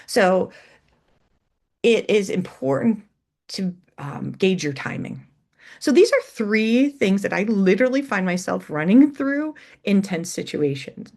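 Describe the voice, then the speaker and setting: A woman's voice: medium pitch, very animated, measured pace, vocal fry. A middle-aged woman presenting an educational webinar, coaching listeners and demonstrating how emphasis changes meaning. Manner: warm coaching tone, reads chat aloud, demonstrates emphasis.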